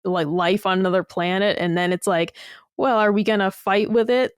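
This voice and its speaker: A woman chatting casually on a podcast, blunt and animated, swearing freely. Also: mid-range voice, moderate pace, clear, resonant tone, dry recording, clean studio sound. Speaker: podcast guest.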